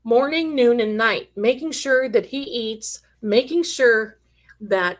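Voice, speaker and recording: Speaking slowly in a fairly high voice, this psychic livestream host tells stories to her viewers in chatty, emphatic live chat. She has Italian heritage and drifts now and then into the voices of people she quotes.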